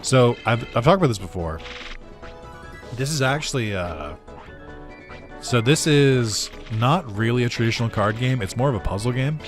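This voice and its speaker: A man's voice: medium pitch, lively intonation, moderate pace, long pauses, faint music behind. A man doing casual let's-play commentary for his gaming channel, rambling with lots of fillers and chuckles. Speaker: gaming YouTuber.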